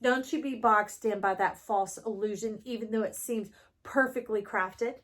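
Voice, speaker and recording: Animated woman giving a tarot reading. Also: normal speed. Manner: animated, spiritual, chatty, jumps into excited highs. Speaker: tarot reader. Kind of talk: casual tarot reading to viewers.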